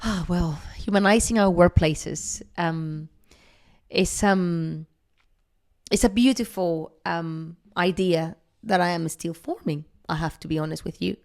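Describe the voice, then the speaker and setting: A woman guest on a podcast interview, talking in an earnest, encouraging way, often pausing with "um" as she thinks. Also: lowish voice, darkish tone. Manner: earnest and encouraging, with frequent "um" pauses.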